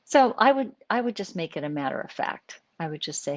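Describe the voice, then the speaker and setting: A woman's voice: deep voice, sing-song, brisk, few pauses, dry recording. A middle-aged woman psychologist answering viewer questions on a live stream, chatty and explanatory with many fillers and restarts.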